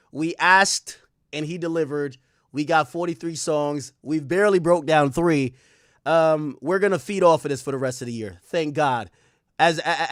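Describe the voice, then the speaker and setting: Brief: young male stream host, high voice, dry close sound, joking and profane. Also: dry recording. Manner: loose, profane, joking, shouts out chat. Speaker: livestream host. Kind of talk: casual livestream commentary.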